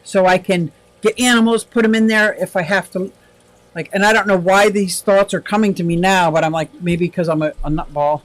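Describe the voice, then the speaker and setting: A man's voice: high-pitched, steady tone, fairly quick, dry recording, rough recording. A man hosting a casual livestream, chatting in a rambling, upbeat way and answering viewer comments aloud. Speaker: livestream host.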